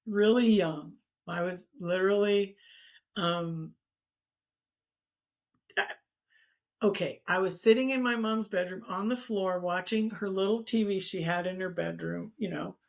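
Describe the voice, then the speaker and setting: A woman's voice: mid-range voice, unhurried, creaky, long pauses. A middle-aged woman hosting a casual conversation, telling a personal story with many restarts. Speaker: host.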